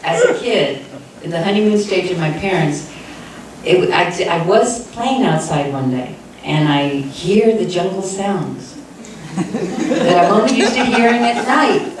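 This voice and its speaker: South texas woman telling a story live, animated, does other people's voices, far from the mic in a big echoey room. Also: on the low side, measured pace, noisy background. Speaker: storytelling host.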